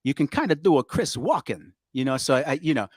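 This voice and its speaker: A man guest on a talk show, chatting in a relaxed way with lots of fillers about doing impressions. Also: a little high, fairly quick, breathy edge, no echo, clean studio sound. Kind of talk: casual interview chat.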